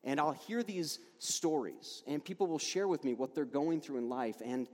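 A man preaching a sermon as a pastor, emphatic and animated, often restarting his words. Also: a little high, moderate pace. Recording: long reverb of a large hall.

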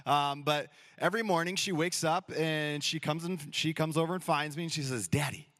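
A man's voice: fairly high pitch, fairly even intonation, moderate pace, fairly bright tone, dry recording. Friendly storytelling male pastor, dry sound. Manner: casual, storytelling, acts out dialogue playfully. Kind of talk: sermon. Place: church sanctuary.

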